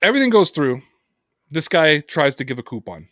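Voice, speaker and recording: A fairly high-voiced male podcast host who tells stories with animation and swears freely. He moves easily between reading sponsor plugs and ranting about daily life. The sound is close and dry. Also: brisk, no echo. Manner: animated storyteller, heavy swearing. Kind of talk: casual sports podcast chat.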